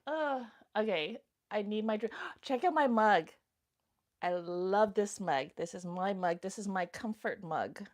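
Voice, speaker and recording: A woman's voice: medium pitch, measured pace. A woman hosting a casual livestream, nervous and giggly, who whispers to herself between remarks. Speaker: livestream host. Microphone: phone mic.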